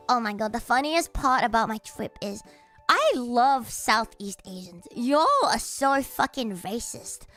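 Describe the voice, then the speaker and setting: Young woman streamer, high bright voice, chatty and laughing a lot, faint music behind. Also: slow pace. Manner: chatty, animated, laughs loudly and often. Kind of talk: casual chat stream.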